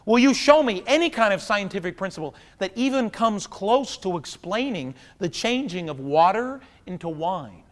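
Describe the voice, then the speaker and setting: A man in his thirties performing a stand-up monologue, wry and storytelling, breaking into loud exasperated punchlines. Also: sits high, lively intonation, moderate pace, hardly any pauses. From Pacific Northwest of the US. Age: 30s. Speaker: stand-up comedian. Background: audience laughter.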